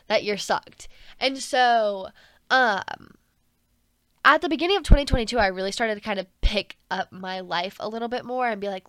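A woman's voice: medium pitch, lively intonation, normal speed, a bit bright, no room sound. A young woman hosting her own podcast, talking through a hard year in a frank, earnest, casual monologue full of "like". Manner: chatty, heavy use of "like", frank and earnest. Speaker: podcast host.

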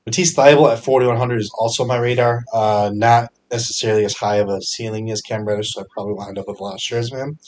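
A young man hosting a fantasy sports podcast, talking casually with energetic bursts and frequent fillers. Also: on the low side. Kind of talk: casual solo podcast picks.

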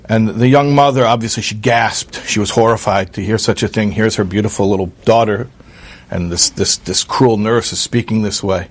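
Earnest male storyteller, halting. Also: fairly low pitch. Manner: earnest, hesitant with fillers and restarts. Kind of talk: spoken storytelling.

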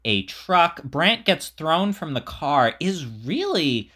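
A man co-hosting a podcast, chatting casually about a movie in a wry, halting way full of fillers. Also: a little high, very animated, pushed and bright, slightly rough. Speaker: podcast co-host. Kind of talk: casual movie-riffing chat.

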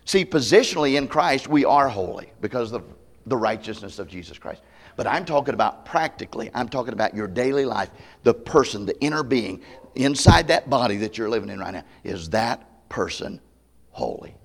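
A man's voice: medium pitch, animated, fairly quick. A man pastor preaching a sermon, emphatic, putting rhetorical questions to the congregation. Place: church campmeeting service.

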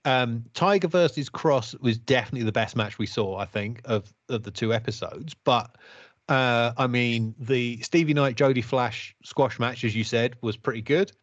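A man's voice: mid-range voice, no echo. Wry man on a dry, dull podcast mic. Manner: wry, critical and measured. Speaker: podcast co-host. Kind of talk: casual review chat.

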